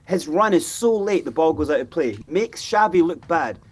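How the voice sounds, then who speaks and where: A man, talking football on a fan show in an animated way, acting out players' voices. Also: on the high side, normal speed, husky. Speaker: fan pundit.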